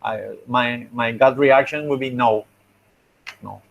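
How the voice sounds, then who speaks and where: A man's voice: medium pitch, steady tone, slow pace, vocal fry, highs cut off. A young adult man with a Spanish accent, a phonetics teacher giving class feedback, explaining patiently and repeating examples.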